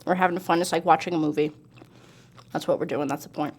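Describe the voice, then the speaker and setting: A young woman co-hosting a relaxed chat. She is playful and teasing, and nothing seems to rattle her. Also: low-pitched, quick pace, breathy edge. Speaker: co-host. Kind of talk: casual chat.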